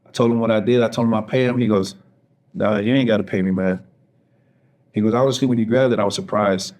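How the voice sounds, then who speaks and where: Man from texas, deep voice, candid storytelling, mimics quoted people, podcast guest. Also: fairly even intonation, fast, darkish tone. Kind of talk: emotional personal storytelling.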